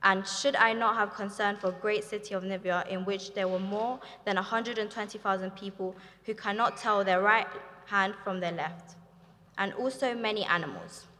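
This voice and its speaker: Bright-voiced woman reading scripture in a hall. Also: medium pitch, steady tone. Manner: measured, clear reading aloud. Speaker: scripture reader. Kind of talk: Bible reading. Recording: long hall reverb.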